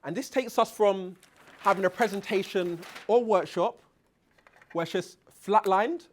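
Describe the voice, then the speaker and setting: Lively high-voiced man giving a keynote. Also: measured pace. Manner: dramatic swings in loudness and pitch to demonstrate voices; asks the audience questions. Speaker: keynote speaker. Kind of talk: conference keynote on presentation skills. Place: conference hall.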